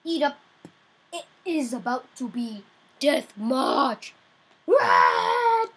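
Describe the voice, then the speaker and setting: A young woman giving casual gameplay commentary, excitable, crying out in frustration now and then. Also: sits high, slow pace, breathy edge, low-quality recording. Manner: excitable, yelps and cries out in frustration. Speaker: gamer.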